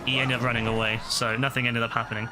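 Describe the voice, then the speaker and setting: A man's voice: medium pitch, little pitch movement, fast talker. A young man with a southern English accent, chatting loosely with viewers as a gaming streamer, full of fillers and restarts. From southern England. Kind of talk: casual chat answering viewers while playing. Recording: loud game noise and engine sounds underneath. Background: video game audio with vehicles.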